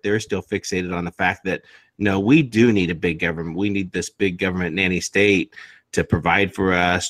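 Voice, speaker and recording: A man's voice: low voice, fairly bright tone, dry recording. A male podcast guest talking earnestly in casual political chat, with frequent verbal fillers. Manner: earnest, lots of "you know" fillers.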